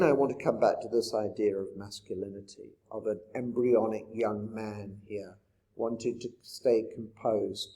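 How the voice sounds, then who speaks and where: A man's voice: on the low side, mellow. A man teaching a poetry lesson in a reflective manner, often putting rhetorical questions to his listeners. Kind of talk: poetry lecture.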